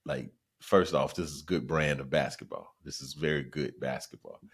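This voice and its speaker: A man's voice: very deep voice, moderate pace, husky. A man hosting his podcast, telling a casual comic story and jumping into other people's voices. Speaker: podcast host.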